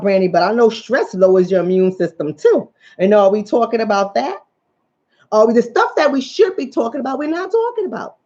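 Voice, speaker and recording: A woman with a New York–New Jersey accent talks on a casual livestream with an animated storytelling manner. Her voice is husky and a little high. It comes through a dull, lo-fi recording. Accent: New York–New Jersey area. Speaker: relationship coach and livestream host. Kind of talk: casual livestream talk, reading viewer comments. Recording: dull lo-fi audio.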